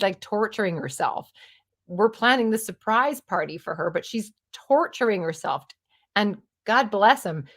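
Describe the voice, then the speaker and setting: A woman around fifty telling personal stories in a chatty, animated way, full of "like" and "you know". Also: medium pitch. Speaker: storytelling vlogger. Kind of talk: casual storytelling monologue.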